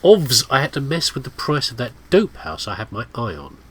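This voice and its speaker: A bragging game hacker with a put-on accent, as a man reads him out. The voice is nasal and stuffy, a little husky, with pitch leaping around. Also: very animated, moderate pace. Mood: boastful. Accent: generic put-on hacker accent. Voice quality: nasal, blocked up. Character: swaggering male hacker boasting.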